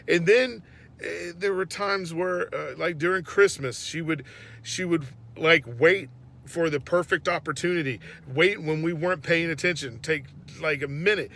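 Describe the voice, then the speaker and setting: A man telling an earnest, reflective faith story about his daughter, often dropping to a hush. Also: high voice. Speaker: father sharing a faith reflection. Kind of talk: personal devotional storytelling.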